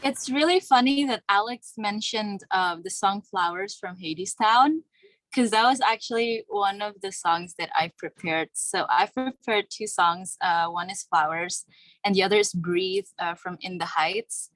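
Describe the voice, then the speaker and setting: A woman's voice: medium pitch, a little slow, fairly bright tone, no echo, low-quality recording. A woman in a singing workshop talks politely and hesitantly, with many fillers. She is getting over a sore throat. Her voice is dry and close. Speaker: workshop participant. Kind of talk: casual talk on a video call.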